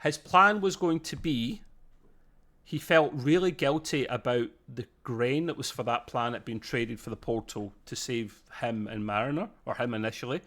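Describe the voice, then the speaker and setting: A man talks through an episode in a relaxed podcast chat. His voice sits at an ordinary middle pitch, and he rambles warmly between ums and laughs. He sounds like a fan recapping to a friend. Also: moderate pace. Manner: chatty, laughing, filler-heavy. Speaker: podcast co-host. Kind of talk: casual review chat.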